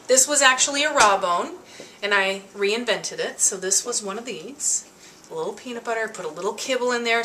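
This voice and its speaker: A woman's voice: on the high side, background noise. A woman dog trainer giving a chatty, upbeat home demonstration in her kitchen. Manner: chatty and upbeat, with frequent asides. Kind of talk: casual instructional demonstration. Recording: echoey room, distant mic.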